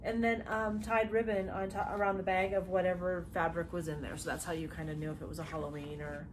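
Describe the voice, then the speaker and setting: A woman hosting a casual chat among friends, animated and quoting others as she tells stories. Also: lowish voice, quick pace. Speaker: podcast host. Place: hotel room. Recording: noisy room ambience.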